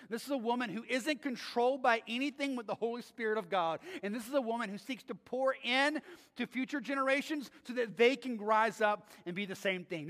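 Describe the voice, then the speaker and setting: A male pastor preaching a sermon in a conversational way, often checking in with the congregation with a quick "right?". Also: extremely high pitch, bright, forceful tone, big-room sound. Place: church sanctuary.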